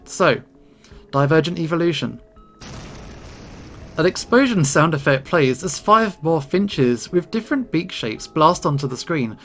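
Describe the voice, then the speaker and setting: A man's voice: on the high side, fairly bright tone. A man voicing a cheeky, clowning teenage girl who hams it up with silly accents, with faint game music behind.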